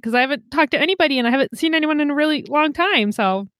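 A woman's voice: a little high, very fast, hardly any pauses, a bit bright, dry recording, studio quality. A woman improvising a bubbly, giggly character who rambles with many fillers in a comedic role-play.

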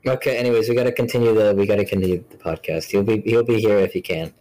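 A man's voice: lowish voice, steady tone, fast talker, dark tone, poor audio. A young man hosting a casual podcast, joking around and swearing freely. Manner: joking, swears a lot, mock outrage. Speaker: podcast host.

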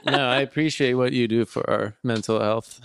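A man's voice: medium pitch, steady tone, normal speed, clear, resonant tone. A man co-hosting a podcast in casual chat, joking and teasing. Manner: joking and teasing, laughs often. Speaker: podcast co-host.

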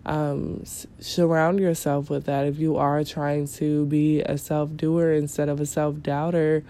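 A woman's voice: low-pitched, little pitch movement, a little slow, warm tone. A woman hosting her own podcast, talking casually with a nasal voice and lots of fillers and restarts. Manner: rambling, many fillers and restarts. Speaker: podcast host. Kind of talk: casual solo podcast talk.

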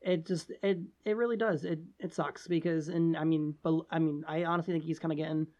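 A podcast co-host in casual conversation. The speech is animated and packed with "like"s and restarts. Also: medium pitch, brisk, dull audio. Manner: animated, heavy use of "like".

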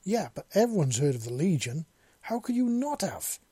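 Brief: male narrator as jittery armoured drifter, frantic, high and loud, husky edge. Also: moderate pace, dry recording. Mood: panicked yelling. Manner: frantic yelling, stammering. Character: panicky battle-worn wasteland man in helmet. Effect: helmet voice modulator.

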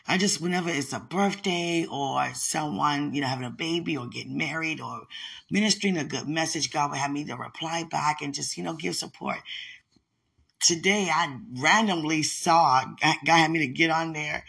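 A woman hosting a podcast, talking casually and emotionally to a friend, gushing with sudden high squeals and religious phrasing. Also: normal speed, creaky, fairly bright tone, husky. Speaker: podcast host. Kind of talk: casual spoken message to a friend.

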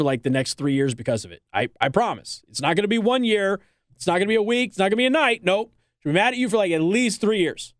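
A man's voice: sits high, a bit bright, no room sound, clean studio sound. A man hosting talk radio, giving blunt, teasing advice in an opinionated monologue. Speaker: radio talk show host. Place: radio studio.

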